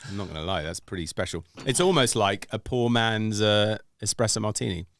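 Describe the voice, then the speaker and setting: A man's voice: fairly low pitch, a little fast, a bit bright. A British man guesting on a podcast, chatting in an easygoing, jokey way with lots of fillers. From Britain. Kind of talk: casual podcast banter.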